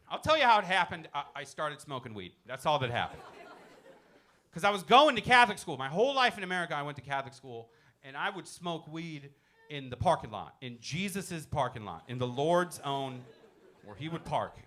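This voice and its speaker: A man performing a stand-up comedy set in a comedy club, talking loosely and dropping into quick character voices. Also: a little high, very animated, sharp tone. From born in a Muslim-majority country. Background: audience laughter.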